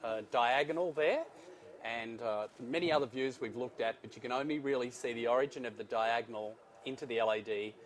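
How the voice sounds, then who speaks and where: A man with an Australian accent, the operating doctor, explaining a live procedure in a relaxed, explanatory way with frequent hesitations. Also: mid-range voice, brisk. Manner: self-deprecating, explanatory, frequent fillers. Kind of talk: live case commentary.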